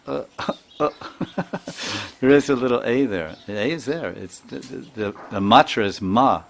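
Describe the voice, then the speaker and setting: An older man giving an informal spiritual talk, chuckling often and repeating words as he sounds them out. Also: fairly low pitch. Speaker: spiritual teacher.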